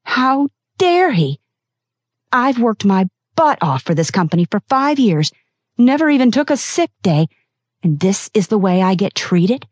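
A woman's voice: fairly high pitch, sing-song, measured pace, breathy edge, dry recording, studio quality, pitched above the performer's own voice, heavily acted. A woman voicing a fiery woman executive who speaks in an angry, defiant way, read for an audiobook. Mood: furious.

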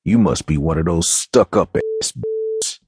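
Slangy street tough in an audiobook, low gravelly swagger, as the narrator plays him. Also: male voice, huge pitch swings, unhurried, darkish tone, slight background noise, full character voice. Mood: menacing. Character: cocky, menacing streetwise young man.

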